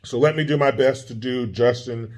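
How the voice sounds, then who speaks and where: A man's voice: medium pitch, moderate pace, darkish tone. A man ranting in a profane, combative and sarcastic political commentary vlog, recorded in his home studio.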